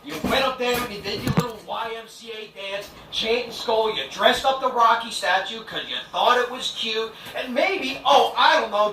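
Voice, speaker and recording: A man's voice: extremely high pitch, pushed and bright. Brash man ranting from afar. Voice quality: mocking and brash. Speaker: fan show host. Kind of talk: sarcastic comedic rant. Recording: roomy distant noisy video recording.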